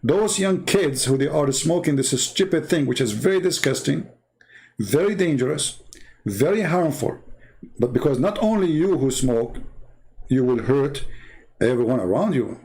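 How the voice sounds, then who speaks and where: Speaking to camera in a sarcastic monologue, an Arab Middle Eastern online commentator fires off rhetorical questions in a mocking, emphatic way. His medium-pitched, darkish voice is expressive and moves at a moderate pace.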